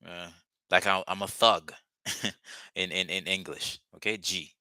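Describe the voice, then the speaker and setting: A man's voice: sits low, little pitch movement, a little slow, pushed and bright, clean tone, no room sound, studio quality. A man teaching a live language lesson, patiently repeating words and phrases for his students.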